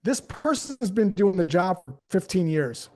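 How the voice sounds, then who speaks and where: A man coaching a sales team live on stage, energetic and conversational, acting out phrasings as he goes. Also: high-pitched, a little slow. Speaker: sales trainer. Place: on stage before an audience.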